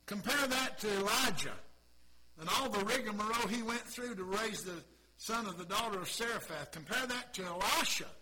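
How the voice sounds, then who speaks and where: A man preaching a sermon, impassioned, moving between quiet asides and loud exclamations. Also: sits high, lively intonation, moderate pace, husky, rough recording. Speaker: pastor.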